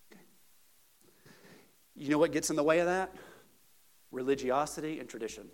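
A male pastor preaching a sermon, moving between casual asides and loud, emphatic peaks. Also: a little high, fast talker.

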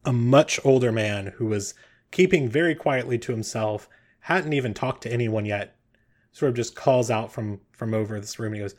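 A man narrating a tabletop game as game master, relaxed and a little hesitant. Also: mid-range voice, moderate pace.

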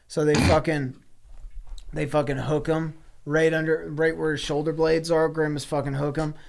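A man guesting on a podcast, telling an improvised comic story in a crude, deadpan rambling way. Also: on the high side, moderate pace, vocal fry, slight background noise.

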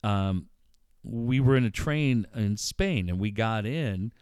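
Animated, profane middle-aged man telling stories. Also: on the low side, takes it slowly, clean tone, no echo, studio quality. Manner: profane, animated storyteller who acts out voices. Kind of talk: casual storytelling.

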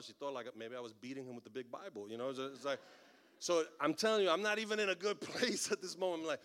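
A man preaching a sermon as a pastor, telling stories in an animated way with humorous asides. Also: on the high side, brisk.

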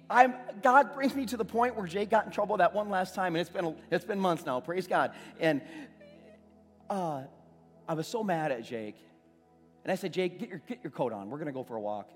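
A man's voice: fairly high pitch, husky. Man preaching in a reverberant hall. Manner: conversational storytelling, restarts, swells to loud emphasis. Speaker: pastor. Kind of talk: sermon. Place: church hall. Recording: long reverb of a church hall, faint music.

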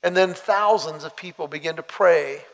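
A man preaching a sermon, telling a story with lively acted-out dialogue. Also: a little high, normal speed, gravelly, big-room sound. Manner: animated storytelling, acts out quoted dialogue.

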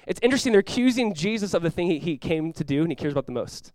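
Animated preaching man, dry close sound. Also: a little high, racing, no room sound. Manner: animated preaching, acting out dialogue with sudden loud outbursts. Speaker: pastor. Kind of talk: sermon.

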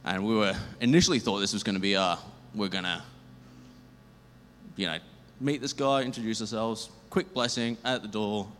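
Deep-voiced man telling a testimony in a hall. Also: normal speed. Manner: rambling, animated, acts out dialogue. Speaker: church member sharing a testimony. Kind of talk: storytelling testimony. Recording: reverberant hall, faint noise.

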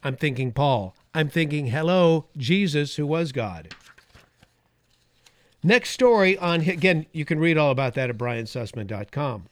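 A man's voice: a little high, lively intonation, measured pace, dry recording. A man hosting a talk radio show, delivering an opinionated monologue with emphatic repetition and sarcastic asides. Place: radio studio.

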